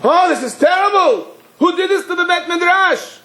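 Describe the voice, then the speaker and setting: A man voicing a roaring drunk man who yells in a high, frantic voice. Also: animated, normal speed, a little hiss or hum, exaggerated voice. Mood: dismayed. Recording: echoey hall.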